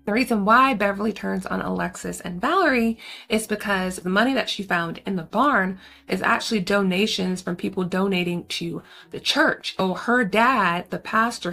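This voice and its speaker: A young woman recaps a horror film in a loose, slangy way, full of asides. Her voice sits at a middle pitch and has a gravelly fry to it. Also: fairly bright tone. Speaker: movie reviewer.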